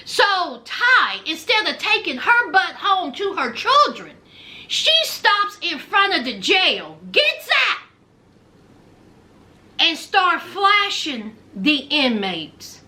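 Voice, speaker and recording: A woman with a very high, bright voice recaps reality TV for her viewers. She speaks slowly, her delivery lively and swooping, and she keeps dropping in sassy, sarcastic asides throughout this casual recap.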